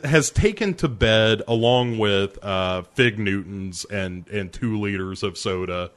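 A man's voice: on the low side, slow, few pauses, a bit bright. A man co-hosting a casual movie-review podcast, often breaking into laughter as he talks. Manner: laughs often while talking. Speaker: podcast co-host.

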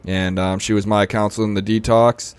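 Low, smooth-voiced man telling his story. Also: flat delivery, brisk. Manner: storytelling with many "you know" and "right?" fillers. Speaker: podcast guest. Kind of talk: casual recovery story.

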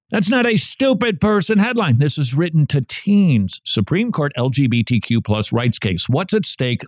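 A man hosting a talk radio show, speaking emphatically and sarcastically, with sudden jumps up in pitch for stress. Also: no room sound, studio quality. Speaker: radio host.

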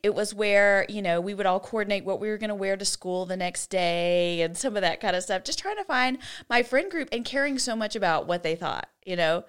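A woman's voice: medium pitch, animated, fairly quick, few pauses, clear, resonant tone. A woman in her forties co-hosting a podcast, chatting casually and laughing often. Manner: giggly, chatty, quotes movie lines in put-on voices. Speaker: podcast co-host. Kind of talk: casual chat.

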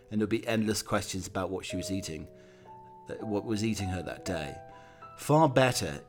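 A man reading a scripted documentary narration in a measured, anecdotal storytelling way. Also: lowish voice.

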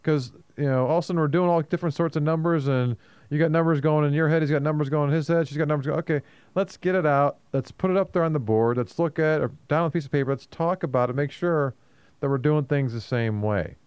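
Chatty man with a smooth, dry voice. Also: on the high side, quick pace, a little mellow, no room sound. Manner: chatty, repeats words, laughs easily. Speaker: co-host. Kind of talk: casual radio talk.

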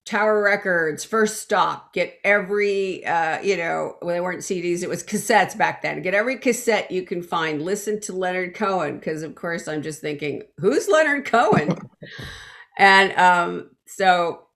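Woman singer with a low voice chatting through a story, lots of ums, acts out the quotes. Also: measured pace, creaky. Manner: animated storyteller, acts out quotes, many fillers and restarts. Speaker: guest, backing vocalist. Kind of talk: conversational storytelling interview.

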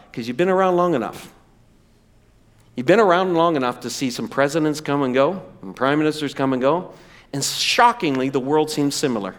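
A male preacher delivering a lively sermon in a high, sweeping voice. He acts out the quoted speakers with dramatic swings in pitch. Now and then he calls on his audience to say a word back to him. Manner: animated, acts out quoted voices, asks the audience to repeat words. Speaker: pastor.

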